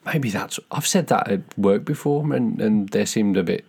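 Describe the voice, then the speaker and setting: Deep gravelly British man. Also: normal speed, darkish tone. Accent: British English. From Britain. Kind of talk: casual podcast chat.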